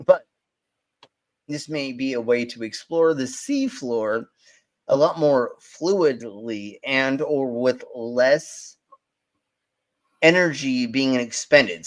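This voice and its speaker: A man hosting a loose, joking news stream. He rambles, restarts his sentences and keeps moving the story along with a crude, offhand humor. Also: mid-range voice. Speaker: stream host. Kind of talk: casual crude news chat.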